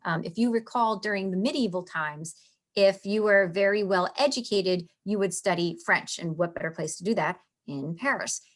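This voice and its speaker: A woman's voice: mid-range voice, normal speed. A woman teaching a literature lesson in a casual, chatty way, often saying "you know" and restarting her sentences. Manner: chatty, many fillers and restarts.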